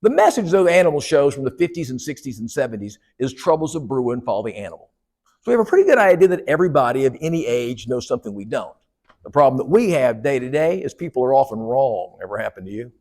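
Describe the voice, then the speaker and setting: A man's voice: mid-range voice, very animated, fast, darkish tone. A man giving a humorous keynote speech at a conference, joking with and teasing the audience. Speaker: keynote speaker. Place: conference hall.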